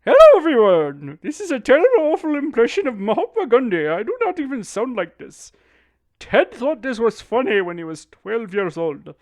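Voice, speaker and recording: Man doing a polite old gentleman impression, high, lively, deliberately bad, self-mocking. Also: heavily acted. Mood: mock-formal. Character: exaggerated elderly male public figure, polite.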